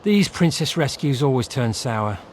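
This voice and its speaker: An actor plays a sarcastic, greedy male hero, delivering dry wisecracks in a medium-pitched voice close to everyday speech. His pitch swings widely at a moderate pace, with slight background noise.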